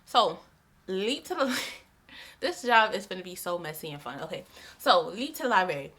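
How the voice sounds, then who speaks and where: A woman's voice: medium pitch, very animated, moderate pace, fairly bright tone. A young woman vlogging about books in casual chat, chatty and repeating herself with lots of fillers. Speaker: book vlogger.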